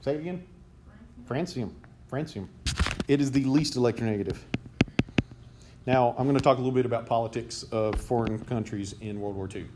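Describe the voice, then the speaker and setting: A man's voice: medium pitch, quick pace. Man, chemistry lecturer, classroom lecture, quizzes students, joking asides, noisy classroom recording.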